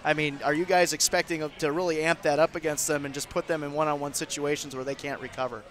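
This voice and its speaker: Man, sports co-host, higher voice, teasing, wordy questions, restaurant table. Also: flat delivery, fast talker, fairly bright tone. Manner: joking, long wordy questions. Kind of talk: casual interview hosting.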